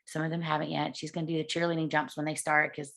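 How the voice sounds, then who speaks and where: A woman's voice: low voice, flat delivery, fast talker, creaky, fairly bright tone. A woman giving sales tips in a casual coaching talk, chatty and acting out the conversations she quotes. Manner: chatty, acts out quoted dialogue.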